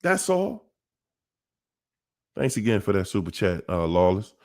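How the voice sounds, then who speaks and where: A man's voice: low-pitched, very animated, unhurried, darkish tone. A man hosting a livestream, talking to viewers in a repetitive, emphatic, preachy way. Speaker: livestream host. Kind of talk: casual livestream talk.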